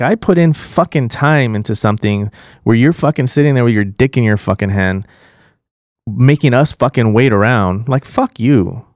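A man's voice: medium pitch, no room sound, clean studio sound. A man co-hosting a podcast, venting his grievances in heated, profane casual chat. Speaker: podcast co-host.

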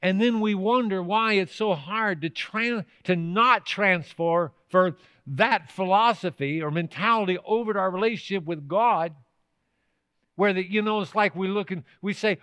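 A male pastor preaching an emphatic sermon in a high, bright, forceful voice. He leans on key words and keeps checking in with the room with rhetorical questions. The sound is close and dry. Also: normal speed, smooth, no echo.

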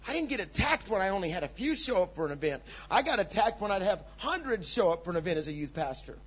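A man preaching with a husky, high-pitched voice and big swings between quiet asides and loud, urgent bursts. The recording sounds dull and muffled. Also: big pitch swings, fast talker. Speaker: pastor. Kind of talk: sermon.

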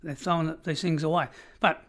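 A middle-aged Australian man, a former prison officer, telling stories in an interview in an emphatic, measured way. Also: a little high, steady tone, a bit bright. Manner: emphatic, measured storytelling, colloquial. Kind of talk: storytelling interview.

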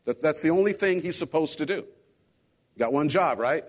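A man preaching with a fairly high voice, retelling a story in an animated way and acting out the lines. He keeps stopping to ask his congregation whether they are still with him. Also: normal speed. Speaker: pastor. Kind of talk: sermon.

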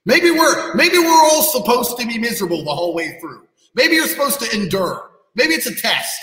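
A man's voice: extremely high pitch, sing-song, moderate pace, bright, forceful tone. A man ranting bluntly on a podcast, brash and profane, bragging about himself. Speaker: guest, kickboxing champion. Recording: echoey room with long reverb.

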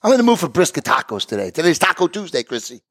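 A middle-aged man rants through a story, throwing his voice around as he plays himself and the other guy. His pitch sits a bit high and jumps all over. He sounds excitable and theatrical. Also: fast. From Italian heritage. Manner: excitable, acts out both sides of conversations. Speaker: podcast co-host, barbecue business owner. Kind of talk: animated storytelling rant.

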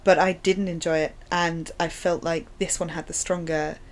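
A woman's voice: on the low side, little pitch movement. Playful woman hosting a film podcast. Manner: chatty, playful, quick to laugh. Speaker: podcast co-host. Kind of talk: casual film discussion.

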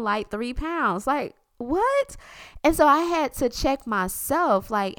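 Woman, 30s, podcast host; frank and conversational, smooth clear voice, dry close recording. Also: medium pitch, a bit bright, dry recording. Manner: candid, chatty, with frequent fillers. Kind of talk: personal podcast monologue.

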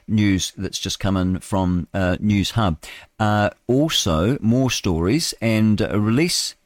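A New Zealand man hosting talk radio, reading news aloud and wandering off into rambling asides, tripping over his words. His voice sits low, and the sound is close and dry with no room around it. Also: no room sound. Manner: rambling, stumbling, with chatty asides. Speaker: radio host.

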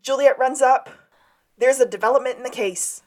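A woman's voice: sits high, a little mellow. A woman co-hosting a podcast, chatting casually as she recaps an episode and laughs along. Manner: chatty, quick to laugh, acts out quotes. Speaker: podcast co-host.

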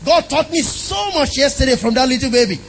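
A man's voice: very high voice, lively intonation, brisk, creaky, a little hiss or hum, rough recording. A man preaching a sermon in an emphatic style, often asking the congregation questions.

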